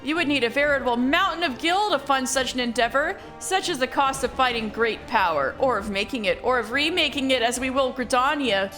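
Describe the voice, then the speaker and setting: A haughty, sneering imperial commander from a video game, as a woman reads him out. Formal, mocking delivery in a bright voice with light music underneath. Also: sits high, lively intonation, fairly quick, hardly any pauses. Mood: scornful. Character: haughty male imperial commander, scornful villain. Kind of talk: reading game dialogue aloud on stream.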